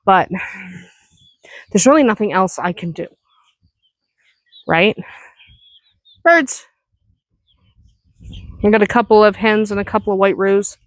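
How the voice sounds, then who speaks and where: A woman's voice: medium pitch, slow, pauses often, dry recording. A woman vlogging outdoors on her farm, chatty and reassuring, tired and sore after heavy work. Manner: chatty and reassuring, talking while walking around the farm. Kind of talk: casual vlog chat.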